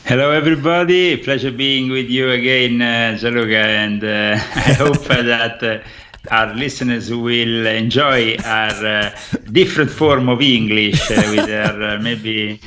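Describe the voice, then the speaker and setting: A man with an Italian accent, a guest on a radio interview, speaking slowly with many hesitations and fillers. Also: mid-range voice, fairly even intonation, pushed and bright, a little hiss or hum. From Italy. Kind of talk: phone-in interview.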